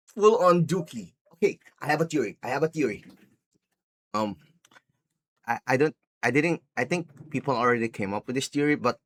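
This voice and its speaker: Excitable man rambling through a recap. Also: mid-range voice. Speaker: movie reviewer. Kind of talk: casual recap vlog.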